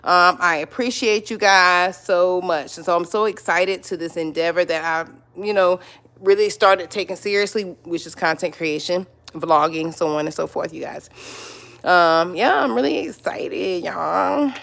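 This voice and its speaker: A chatty woman chats casually on her livestream in a slightly low voice. She loops back over the same phrases and keeps checking in with her viewers. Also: measured pace, creaky, a bit bright. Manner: chatty, repeats phrases, addresses viewers as y'all and you guys. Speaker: lifestyle vlogger on a livestream. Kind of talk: casual live-stream chat.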